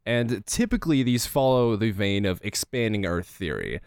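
A man's voice: on the low side, animated, a little mellow, clean tone, no echo, studio quality. A man co-hosting a casual chat, presenting odd theories with many restarts and stifled laughs. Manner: halting, many restarts, laughs mid-sentence. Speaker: podcast co-host presenting theories.

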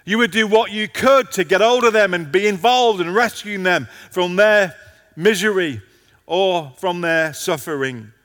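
High-voiced passionate male preacher. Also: a little slow, a bit bright, in a large hall. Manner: passionate preaching, rising and falling in intensity. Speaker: pastor. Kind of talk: sermon.

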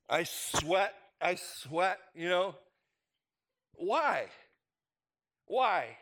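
A man's voice: sits high, very animated, very slow, long pauses, a bit bright. A middle-aged man preaching a sermon in a conversational way, asking the congregation rhetorical questions. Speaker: pastor.

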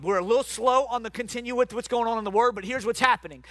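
A man's voice: very high-pitched, fast, hardly any pauses, bright, forceful tone, dry recording. A male pastor preaching a sermon, calling out to his congregation and reading scripture aloud. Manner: preaching with call-outs to the congregation.

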